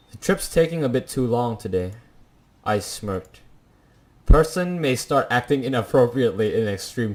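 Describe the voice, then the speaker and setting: A young man playing a visual novel, reading its text aloud and cracking jokes in between. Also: medium pitch. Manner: jokey asides between dramatic read lines. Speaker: let's play gamer.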